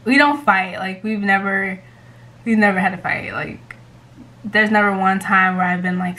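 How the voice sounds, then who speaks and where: A woman's voice: medium pitch, moderate pace, sharp tone. A young woman vlogger chatting casually to camera, giggly and full of "like" fillers. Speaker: vlogger pranking her best friend.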